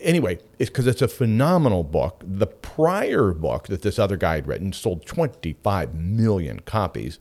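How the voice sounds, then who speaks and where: A middle-aged man hosts a talk radio show with a low voice that swings widely and expressively as he talks. He chats freely, drifts into side stories and asides, then comes back to his point. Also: normal speed, few pauses. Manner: animated, chatty storyteller with frequent asides. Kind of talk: casual talk radio monologue.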